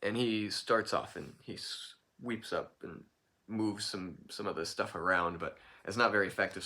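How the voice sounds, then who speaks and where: A man casually telling a folk tale in a playful, lively way, throwing in animal noises. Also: deep voice. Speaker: storyteller.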